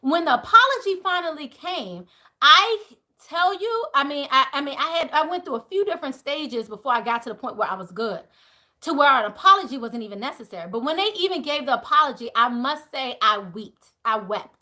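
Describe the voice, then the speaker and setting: A woman hosting a live stream as a spiritual reader, telling a story as a casual rant. She is emphatic and swears freely, swinging between loud outbursts and low asides. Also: lively intonation, fairly quick.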